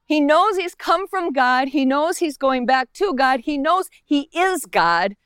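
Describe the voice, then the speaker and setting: A woman's voice: sits high, expressive, unhurried, fairly bright tone, no room sound, studio quality. A woman pastor giving a conversational sermon outdoors in a park, acting out the lines of the characters in the story as she goes.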